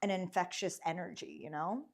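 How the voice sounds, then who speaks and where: A woman hosting a casual interview chat, playful and animated, often humming agreement while her guest talks. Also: lowish voice, normal speed, gravelly. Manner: animated, playful, frequent backchannel hums. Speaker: host.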